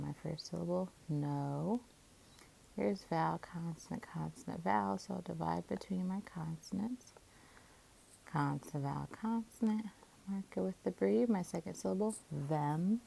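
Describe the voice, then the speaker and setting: A woman teacher calmly walking through syllable division, sounding out each part of a word. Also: on the low side, gravelly, a little hiss or hum, poor audio. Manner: calm, methodical, sounds out syllables. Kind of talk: phonics lesson, syllable division.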